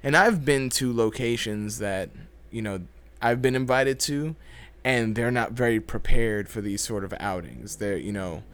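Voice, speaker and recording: Measured man with a smooth voice. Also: mid-range voice, a bit bright. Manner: measured, explanatory, with filler restarts. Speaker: podcast co-host. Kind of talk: casual conversation.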